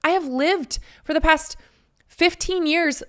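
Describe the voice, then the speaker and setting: A woman's voice: very high-pitched, takes it slowly, fairly bright tone. A woman in her thirties hosting a podcast, telling a personal story candidly, chatty and frank with casual swearing. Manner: chatty, frank, swears freely, laughs between phrases. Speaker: podcast host.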